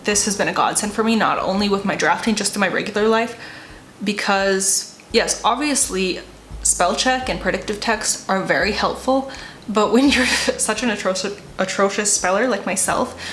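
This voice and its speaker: A woman's voice: medium pitch, moderate pace, a bit bright, reverberant, a little hiss or hum, poor audio. A woman writer and vlogger chatting casually to camera, rambling and self-deprecating, laughing often as she talks.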